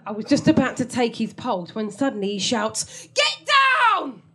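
A woman's voice: on the high side, normal speed, husky. A woman telling a comic story from her own life on stage, wry and self-mocking, often laughing through her lines.

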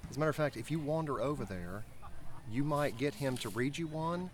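A man's voice: medium pitch, animated, fairly quick. A man playing a ship's officer at an outdoor reenactment, speaking in a formal, courtly, theatrical way and reading an old letter aloud. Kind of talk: in-character period talk and letter reading.

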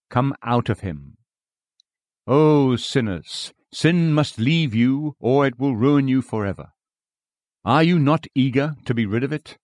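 A man's voice: mid-range voice, darkish tone, dry recording, clean studio sound. A man reading a sermon aloud in an earnest, exhorting manner.

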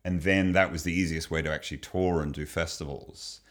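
A man's voice: deep voice, steady tone, fairly quick. A man, a children's musician and comedian, talking as an interview guest, thoughtful and often restarting sentences. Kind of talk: casual interview chat.

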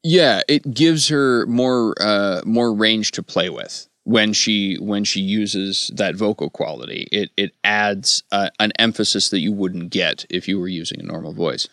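A man with a low voice talks through sketch comedy in a loose, chatty way, laughing now and then. The sound is dry and close, with no room around it. He drifts from point to point at an easy pace. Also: measured pace, few pauses, no echo. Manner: relaxed, laughs often, slips into silly voices. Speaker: comedy podcast co-host. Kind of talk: casual discussion of sketch comedy.

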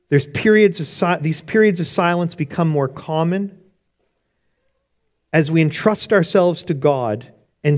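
A man preaching a sermon on prayer in an earnest, conversational way, often restarting his sentences. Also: mid-range voice. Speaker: pastor.

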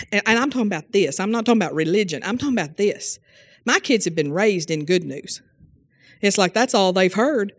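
A woman Bible teacher preaching a fervent sermon in folksy language, often exclaiming hallelujah and amen and questioning her listeners directly. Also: medium pitch. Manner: questions listeners directly and calls on them by name; folksy, homespun phrasing.

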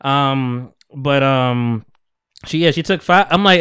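A man's voice: medium pitch, measured pace, clear, resonant tone, dry recording, clean studio sound. A young man hosting a podcast, telling a story in casual chat and acting out the people in it. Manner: animated storyteller acting out quotes. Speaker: podcast host.

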